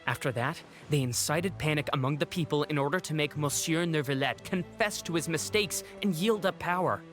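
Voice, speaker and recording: A man's voice: fairly high pitch, a little fast, fairly bright tone, faint music behind, close to an everyday voice. An actor playing a formal male investigator in a video game, delivering findings matter-of-factly.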